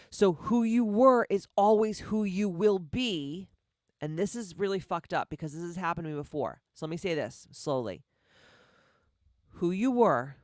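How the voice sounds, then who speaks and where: A woman hosting a motivational podcast, talking bluntly and emphatically, swearing freely and slowing down to stress her key words. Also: low-pitched, dry recording, clean studio sound. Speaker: podcast host.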